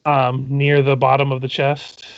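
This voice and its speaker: A man serving as game master who narrates a tabletop game, describing scenes in a halting, methodical way. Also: medium pitch, completely flat delivery, dry recording, dull audio.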